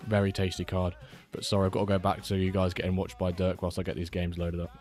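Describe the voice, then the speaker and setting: A man's voice: deep voice, monotone, fast talker, darkish tone. A man hosting a casual live stream, rambling and reading out viewer messages. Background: faint background music.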